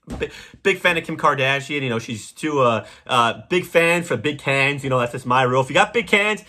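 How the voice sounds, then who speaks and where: Brash bright-voiced young man ranting. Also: medium pitch, lively intonation, fairly quick. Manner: crude, rambling, mock-ranting with sudden loud jumps. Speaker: podcast host. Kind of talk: casual comedic monologue.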